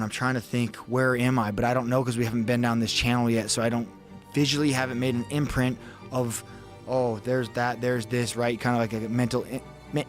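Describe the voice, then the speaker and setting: Guy on a podcast telling a wild story, cusses a lot, mid-pitch voice, acts out what he was thinking. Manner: vivid, acts out his own inner thoughts; swears freely. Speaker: podcast guest. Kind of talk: casual storytelling.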